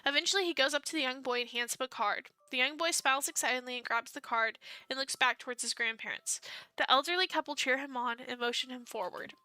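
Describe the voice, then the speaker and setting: A young woman streamer reading a dating-sim story aloud, expressive, breaking off into excited asides. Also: high-pitched, fast, clear, resonant tone, no echo.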